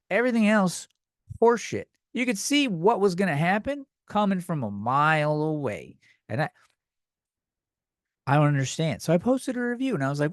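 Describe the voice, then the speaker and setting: A man's voice: a little high, no echo, clean studio sound. A man hosting a comedy podcast, ranting in an exasperated, profane way. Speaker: podcast host.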